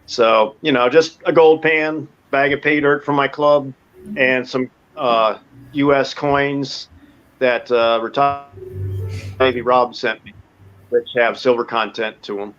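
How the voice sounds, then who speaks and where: A man's voice: medium pitch, fairly even intonation, slow pace, fairly bright tone, dull audio. A man from New Orleans hosting a casual livestream chat, rambling and laughing often. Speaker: livestream host.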